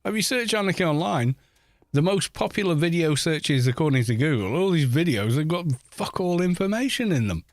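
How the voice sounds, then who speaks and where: A man's voice: on the high side, animated, fairly quick, dry recording, studio quality. A man streaming a game, giving casual, rambling commentary that is blunt and full of swearing. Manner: blunt, swears freely, ranting; rambling with frequent "you know". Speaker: gaming YouTuber streaming. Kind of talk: casual live-stream commentary while playing.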